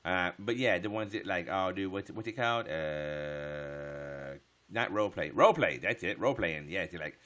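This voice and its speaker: A man hosting a casual late-night livestream, joking crudely with viewers and laughing often, sometimes dropping to a hush. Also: low voice, expressive, normal speed. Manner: drops to a hush so as not to wake his household. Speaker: livestream host.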